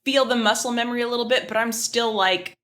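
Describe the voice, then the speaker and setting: Woman, 30s, podcast co-host: higher, bright voice, chatty and effusive. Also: fairly even intonation, fast talker. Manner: gushing, chatty reactions. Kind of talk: casual chat.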